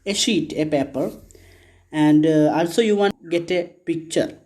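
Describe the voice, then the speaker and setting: Slow, mellow-voiced man teaching English. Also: a little high. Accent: Indian English. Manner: slow, repetitive, checks understanding with "okay? is it clear?". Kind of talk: classroom lesson explanation.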